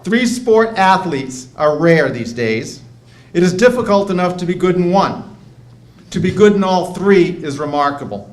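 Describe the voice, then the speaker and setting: Older man presenting an inductee, measured. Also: high voice, animated. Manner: measured, gently humorous. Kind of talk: prepared speech. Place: banquet hall.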